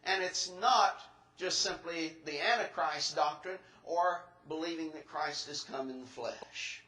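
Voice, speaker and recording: Bright-voiced man preaching in an echoey church. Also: fairly high pitch, unhurried. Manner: methodical, teaching step by step. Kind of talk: expository sermon.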